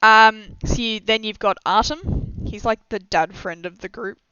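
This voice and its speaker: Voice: medium pitch, steady tone, measured pace, bright, forceful tone, clean tone, no echo. A young adult streamer chatting casually and rambling with frequent giggles and self-deprecating asides during a live stream. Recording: slightly dull lo-fi mic, dry.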